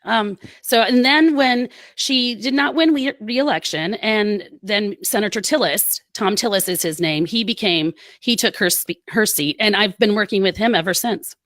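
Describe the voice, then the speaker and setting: A woman tells her family's story as an interview guest, earnest and full of quick asides. Her voice sits in a middle range. The sound is dry and close. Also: mid-range voice, fairly bright tone, dry recording. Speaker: guest, military spouse advocate. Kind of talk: podcast interview.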